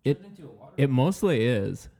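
A man's voice: medium pitch, sing-song, takes it slowly, gravelly, dark tone. A man in casual podcast chat, easygoing as he recounts a recent trip. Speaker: podcast co-host.

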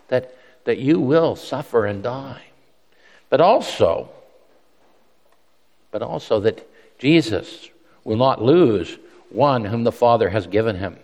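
A man delivers a sermon in an easygoing, conversational manner, stumbling over and repeating words as he thinks aloud. His pitch sits in the middle range. He lifts his voice to act out the quotes in his story, and a long reverb from the hall trails behind him. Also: lively intonation, slow, long pauses, darkish tone. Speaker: preacher.

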